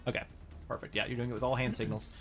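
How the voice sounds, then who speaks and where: A man narrating a tabletop role-playing game as game master, telling the action in a lively way and laughing often. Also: medium pitch, racing, soft background music. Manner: animated, laughing storyteller.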